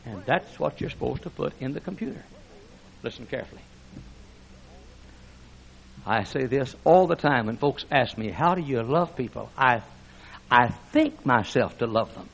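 Husky, emphatic male preacher. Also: fairly high pitch, expressive, a little fast, lo-fi sound. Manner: swings between shouting and hushed speech; emphatic repetition. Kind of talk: fiery church sermon. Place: church sanctuary before a congregation.

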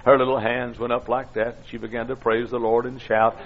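A man's voice: mid-range voice, flat delivery, a little fast, few pauses, dull audio. An older man, a pastor, telling stories in a folksy, self-deprecating sermon with many fillers and restarts. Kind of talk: storytelling sermon.

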